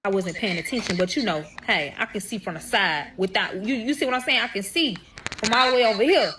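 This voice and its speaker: A woman's voice: mid-range voice, brisk, a bit bright, a little hiss or hum. A young woman telling a story to camera in a casual storytime style, swearing often and calling her viewers y'all. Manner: profane, addresses viewers as y'all.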